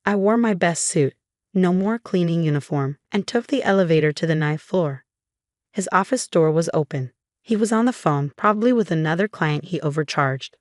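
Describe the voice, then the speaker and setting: A woman reading a first-person story aloud in a measured, even manner. Her voice sits on the low side and sounds close and completely dry. Steady scripted narration, close to the mic. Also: dry recording.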